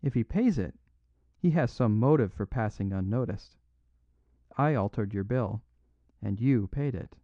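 Voicing a humble, apologetic little English priest, a man speaks in a lowish, animated but unhurried way, plain and unaffected, his pitch rising and falling freely in a mildly apologetic mood. The dry, slightly dull recording has no room sound.

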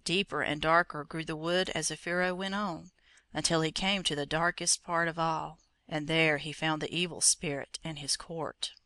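Measured storybook reader, crisp bright tone, close dry recording. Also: mid-range voice, fairly even intonation, dry recording. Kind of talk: storybook narration.

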